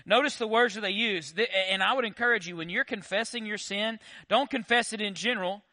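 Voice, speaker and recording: A pastor preaches in a high, bright voice. He keeps it animated and conversational, tossing rhetorical questions to the congregation. The sound is dry and close. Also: brisk, no echo. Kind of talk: sermon.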